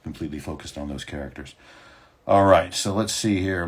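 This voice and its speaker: Deep, husky man in his fifties chatting. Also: fairly quick. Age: 50s. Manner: relaxed, rambling, many fillers. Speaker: voice actor hosting a fan Q&A. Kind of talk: casual livestream chat.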